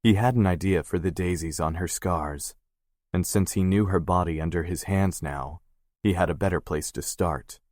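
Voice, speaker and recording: A man narrating an audiobook in a steady, measured read. His voice is very low and deep, and the recording is close and dry with no room echo.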